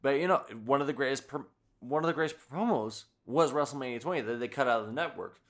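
A man hosting a podcast in casual chat, talking excitedly with lots of swearing and acting out quotes. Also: mid-range voice, fast. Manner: excited, profane, acts out quotes. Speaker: podcast host.

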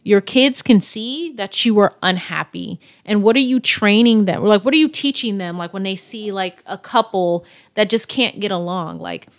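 Woman co-host, soft-spoken and reflective, casual podcast talk. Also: mid-range voice, moderate pace, hardly any pauses. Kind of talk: casual chat.

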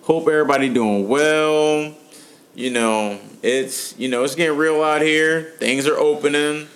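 A man hosting a podcast, reading out shout-outs in a hyped, slangy, profane way. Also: fairly high pitch, steady tone, unhurried. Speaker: podcast host.

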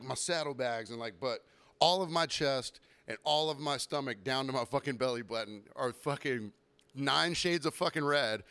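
A young man hosting a podcast, telling a rambling, profane, self-mocking story while getting over a sore throat and clearing it now and then. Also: medium pitch, fairly bright tone. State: recovering from illness, throat clearing. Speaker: podcast host. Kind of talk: casual storytelling monologue.

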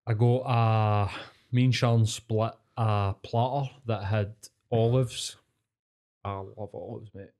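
A man's voice: lowish voice, slow. A man with a Glasgow Scottish accent telling a story in casual chat, swearing a lot and acting out the people in it. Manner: sweary, animated storyteller, acts out quotes.

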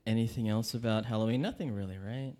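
A man's voice: on the low side, fast talker, darkish tone. A young man co-hosting a casual podcast chat, teasing and laughing often. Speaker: podcast co-host.

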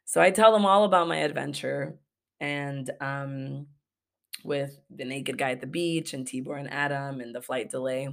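Gravelly, low-voiced woman storyteller. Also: moderate pace, a bit bright. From Los Angeles, USA. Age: young adult. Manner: profane, candid, laughing storyteller. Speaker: podcast host. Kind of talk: casual story-time monologue.

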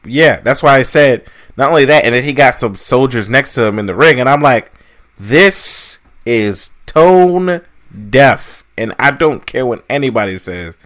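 A man's voice: mid-range voice, fairly quick, fairly bright tone. A man co-hosting a casual wrestling podcast, blunt and swearing, who slips into mocking impressions. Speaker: podcast co-host.

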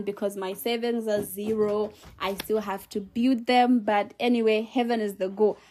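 A woman in her early twenties hosting her own podcast, talking casually and giving animated, playful advice. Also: a little high, unhurried, few pauses, a little hiss or hum. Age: 20s. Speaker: podcast host. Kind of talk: casual solo podcast talk.

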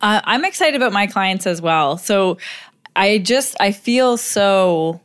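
A woman's voice: mid-range voice, expressive, slow pace, smooth. A woman co-hosting a podcast, chatting casually and laughing easily. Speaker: podcast co-host. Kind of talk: casual chat.

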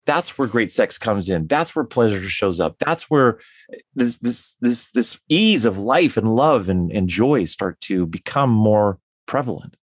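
A man's voice: lowish voice, expressive, unhurried, dry recording, studio quality. A man, a tantric counselor, talks enthusiastically as a podcast guest, often restarting his sentences. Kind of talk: podcast interview.

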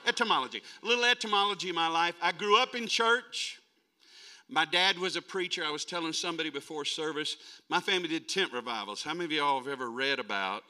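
A folksy, animated preacher in his sixties, a man from North Dakota, with a very bright, forceful edge to his slightly high voice. He keeps pulling the congregation in, asking them to answer back as he preaches. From North Dakota, USA. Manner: folksy, animated, calls on the crowd to respond. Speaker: traveling preacher. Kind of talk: sermon to a congregation.

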